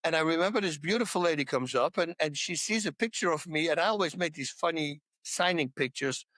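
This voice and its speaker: A man with a high-pitched voice tells wild stories in a podcast chat, laughing between words and tripping over his restarts. The sound is close and dry, with no room around it. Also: brisk, no room sound. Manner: lively storyteller, laughs mid-sentence, restarts words. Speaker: podcast guest. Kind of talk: animated anecdote telling in a podcast chat.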